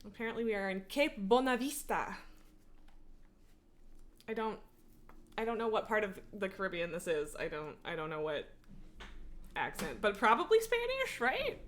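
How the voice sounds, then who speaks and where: A woman's voice: on the high side, lively intonation, moderate pace, long pauses. A young woman streaming a game live, chatting casually, swearing and laughing often. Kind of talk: casual live gaming commentary.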